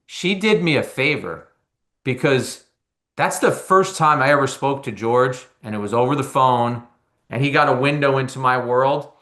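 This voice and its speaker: A baseball analyst from New Jersey tells a long story in a relaxed interview, speaking in a bright, forceful voice at a middling pitch. His delivery is animated, and he often stumbles and repeats words as he goes. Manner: animated anecdote-telling with frequent repeated words. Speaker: baseball analyst and former reporter.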